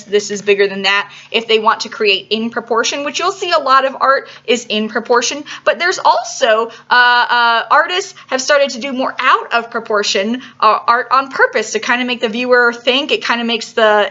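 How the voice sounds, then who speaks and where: A woman gives a video art lesson for young children, talking in a chatty classroom manner and checking in with "right?" and "okay?" as she goes. Her voice sits a little high and sounds bright and crisp. The recording is slightly dull and lo-fi. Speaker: art teacher.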